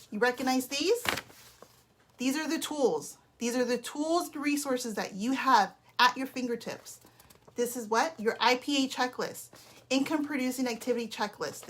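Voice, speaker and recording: A woman's voice: fairly high pitch, slight background noise. Upbeat woman coaching her sales team. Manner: energetic, emphatic, repeats "okay?". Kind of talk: motivational team training talk.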